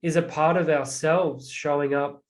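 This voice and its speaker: A man's voice: fairly high pitch, steady tone, unhurried. A man telling personal stories about emotional pain in a reflective, casual way, with many "like" fillers. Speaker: guest. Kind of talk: casual conversation.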